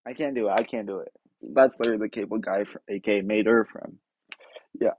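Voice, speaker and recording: A man's voice: lowish voice, brisk, muffled recording, a little hiss or hum. A man hosting his own podcast in a casual, rambling, self-deprecating way, often trailing off. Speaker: podcast host. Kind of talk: casual chat.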